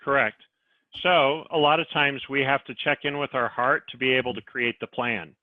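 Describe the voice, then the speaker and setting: A man's voice: medium pitch, fairly even intonation, normal speed, no room sound. A man working as a business coach, talking through ideas with a guiding, questioning manner in a podcast conversation. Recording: tinny phone-like line, dry.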